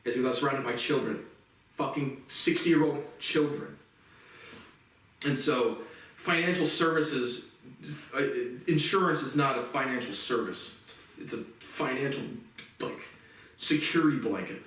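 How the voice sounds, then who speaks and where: A man in his twenties in an agitated, profane rant to camera, his voice rising into shouts. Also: mid-range voice, moderate pace, long pauses. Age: 20s. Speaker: vlogger. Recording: very echoey room, far from mic.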